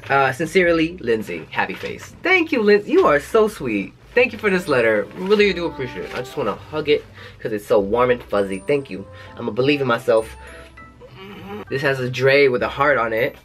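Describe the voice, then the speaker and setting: Animated man reading fan mail. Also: medium pitch, fairly quick, faint music behind. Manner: animated, jokey asides between letters. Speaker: YouTube host.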